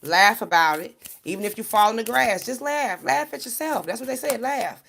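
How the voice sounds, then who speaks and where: A woman, giving viewers a casual spiritual pep talk as a tarot card reader, animated and preachy, laughing often and swearing casually. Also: a little high, moderate pace, vocal fry, a little hiss or hum.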